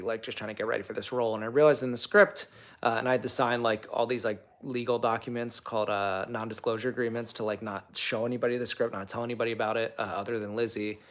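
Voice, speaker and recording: A man's voice: mid-range voice, fairly bright tone. A young man hosting a casual livestream, answering viewer comments in a rambling, chatty way full of fillers. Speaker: livestream host and actor.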